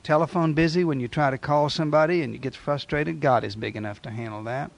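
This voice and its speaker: A man's voice: a little high, fast, creaky. A man preaching a sermon, speaking emphatically and putting repeated rhetorical questions to his congregation.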